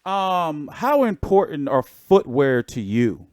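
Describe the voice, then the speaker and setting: A man's voice: on the high side, big pitch swings, slow pace, a little mellow, no echo, studio quality. A man hosting a boxing channel, talking in a rambling, laid-back way with lots of fillers. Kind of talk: casual livestream commentary.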